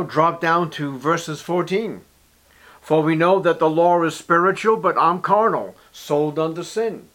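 Male pastor, sermon delivery, emphatic, fairly high-pitched. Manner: emphatic preaching that swings between loud and hushed; reads scripture aloud.

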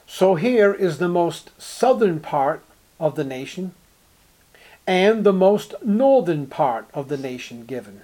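Man, preacher, Bible sermon, slightly high voice, emphatic, rhetorical questions. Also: animated, unhurried. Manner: emphatic, rising to forceful highs on key words; reads scripture in King James style, asks rhetorical questions.

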